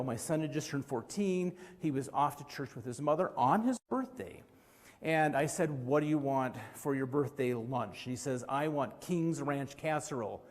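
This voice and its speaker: A man's voice: fairly high pitch, a little mellow. Earnest man speaking in a big hall. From Utah, USA. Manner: earnest, storytelling, with light laughs and fillers. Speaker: organization president giving a conference speech. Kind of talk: live conference speech. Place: large convention hall. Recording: long hall reverb.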